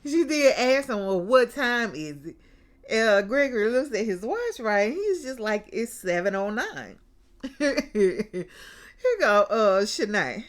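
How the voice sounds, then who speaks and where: A woman talking through a TV episode in a relaxed, chatty recap. She speaks slowly, and her fairly high voice swings up and down a lot. She laughs often and drops in folksy words like baby and child. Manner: animated, laughs often, drawls out exclamations; colloquial and chatty, calls listeners baby and child.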